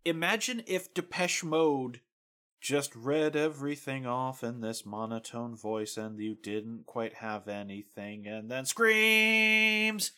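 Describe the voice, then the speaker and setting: A man's voice: mid-range voice, slow, bright, forceful tone. A man co-hosting a casual music podcast, giving dry, sarcastic criticism. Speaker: podcast co-host. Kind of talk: casual chat.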